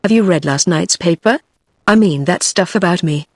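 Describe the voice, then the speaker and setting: A woman's voice: fairly low pitch, moderate pace, a little mellow, no room sound, studio quality. Earnest flustered young man, read by a synthetic British woman. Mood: pleading. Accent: British English. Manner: earnest, pleading.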